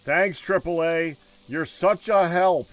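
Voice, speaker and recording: A man's voice: on the high side, takes it slowly, fairly bright tone. A man chatting casually with a streamer while gaming, making dry, wry remarks. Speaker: co-player.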